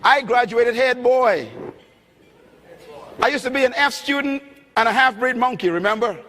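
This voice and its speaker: A middle-aged man preaching a sermon from the Bahamas, emphatic, swinging between loud and soft passages. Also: very high-pitched, normal speed, a little hiss or hum. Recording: long hall reverb.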